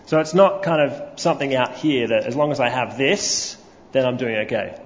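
A man's voice: mid-range voice, moderate pace, slight background noise. A man preaching a sermon, telling a story and putting questions to his congregation. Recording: lo-fi recording with long hall reverb.

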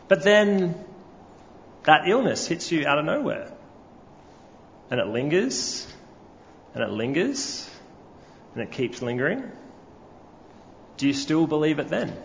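A man's voice: fairly high pitch, slight background noise. A man preaching a sermon, telling a story and putting questions to his congregation. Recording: lo-fi recording with long hall reverb.

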